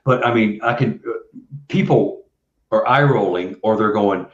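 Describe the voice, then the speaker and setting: A man's voice: fairly low pitch, normal speed. A man from Missouri, a guest on a video call, talking casually and rambling with many fillers. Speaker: guest researcher. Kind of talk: casual interview talk. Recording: roomy, dull video-call audio.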